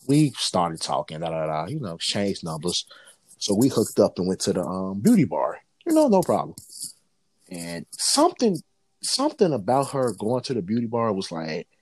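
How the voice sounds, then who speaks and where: A low, husky man tells rambling stories in loose casual talk. His voice swings widely up and down as he gets into the telling. He is frank and profane, with a lively storyteller's drive. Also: no room sound.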